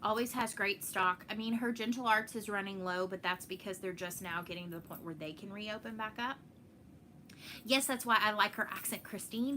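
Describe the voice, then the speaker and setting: Texan woman host, bright, slightly high, chatty and laughing with viewers, faint room noise. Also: fairly even intonation, normal speed. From Texas. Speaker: flosstube host. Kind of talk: casual live chat.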